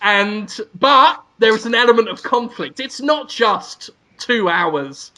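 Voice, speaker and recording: A podcast co-host spins absurd comic stories in a casual, comedic chat, acting out voices along the way. His high-pitched voice is animated, slow, pushed and bright.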